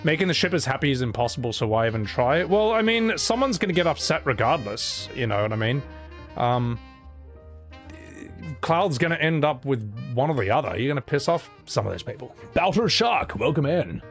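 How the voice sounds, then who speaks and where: A man's voice: mid-range voice, very animated, moderate pace, soft background music. A young man chatting casually on a live stream, rambling, swearing and laughing often.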